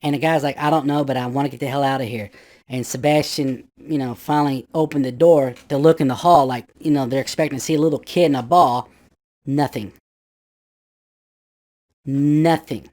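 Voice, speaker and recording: A man's voice: medium pitch, fairly even intonation, fast, a little mellow. A man in his fifties casually telling a ghost story from his youth, rambling with restarts and acting out his friends' voices.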